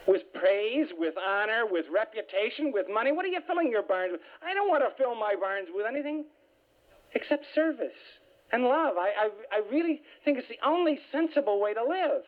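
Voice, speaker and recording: A man giving a humorous spiritual talk, telling stories lively with self-mocking asides. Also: very high voice, normal speed. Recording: tinny phone-like radio sound.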